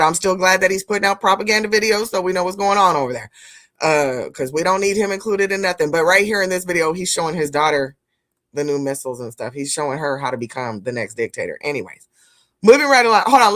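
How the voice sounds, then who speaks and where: Blunt, animated woman streamer. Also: on the low side, quick pace. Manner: animated, blunt, profane, talks to chat as "family". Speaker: streamer commenting on news. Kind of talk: live-stream commentary chat.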